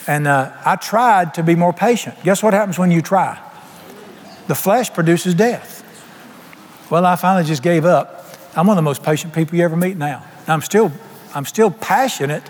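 A man preaching a sermon in a church, folksy and humorous, with plain colloquial speech. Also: a little high. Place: church sanctuary. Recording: long hall reverb, faint music.

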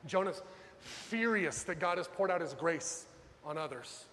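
A man preaching a sermon as pastor, dramatic, swinging from loud urgent pleas to hushed low lines. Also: animated, measured pace, in a large hall, a little hiss or hum.

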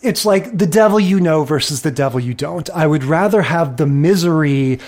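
A man's voice: a little high, normal speed, a little mellow. A man co-hosting a podcast, chatting casually about sitcoms in a reflective, candid way. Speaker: podcast co-host.

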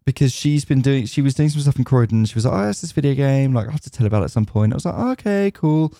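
Another UK gaming podcast co-host chats casually and at length, passing along news and stories with plenty of filler words. He speaks fast and expressively at a medium pitch, his gravelly yet mellow voice captured dry in a clean studio.

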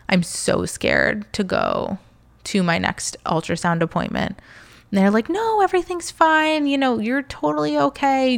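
Speaking in a clean, fairly bright voice on the low side, this young vlogger tells something personal. She's candid and conversational, says "like" constantly along with other fillers, and sometimes struggles to hold back tears.

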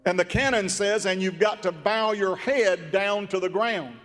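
A man preaching a sermon in a folksy, drawn-out, emphatic way. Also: sits high, fairly bright tone, long reverb tail, soft background music. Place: church sanctuary.

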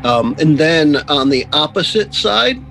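A man running a tabletop game, his voice sitting a little high for a man. He rambles and hunts for words while he describes each scene, with faint music under his voice. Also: sing-song, unhurried, vocal fry, fairly bright tone, poor audio. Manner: rambling, laughing, searching for words. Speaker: game master.

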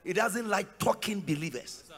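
A man with a Ghanaian accent preaching a sermon in church, breaking into shouts and sing-song cadences. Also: high-pitched, lively intonation, moderate pace, breathy edge. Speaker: pastor.

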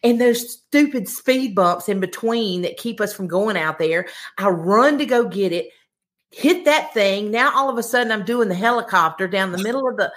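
A woman's voice: mid-range voice, lively intonation, normal speed, fairly bright tone. A middle-aged woman, a podcast guest telling rambling stories in casual chat, laughing often and acting out what people said. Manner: chatty, rambling, laughs often, acts out quotes. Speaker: podcast guest, baking competition winner.

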